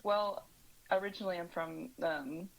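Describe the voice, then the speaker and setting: A woman's voice: fairly low pitch, measured pace, vocal fry, poor audio. A woman from Missouri with a light southern Midwest twang, chatting casually as a podcast guest and laughing often. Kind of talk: casual chat.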